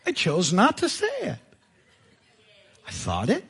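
Male pastor, lively pitch, somewhat husky; chatty, self-amused sermon delivery. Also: takes it slowly. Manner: conversational, animated, laughs at himself. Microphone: live sermon mic. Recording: church service audio.

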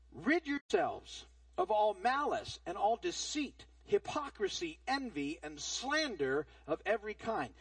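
A man's voice: very high-pitched, dry recording, far from the mic, poor audio. A man preaching a sermon as pastor, earnest and conversational, often repeating words as he starts a phrase.

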